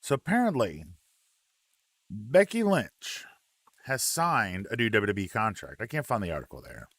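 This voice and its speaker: A man hosting a relaxed live wrestling chat, reading out viewer comments with plenty of ums and uhs. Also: on the low side, normal speed, no echo.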